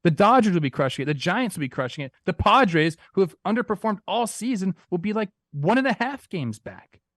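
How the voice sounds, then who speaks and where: Animated young man on a dry mic. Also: sits high, brisk, dry recording. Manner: animated, acts out quotes in goofy voices. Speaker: podcast co-host. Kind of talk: casual sports talk.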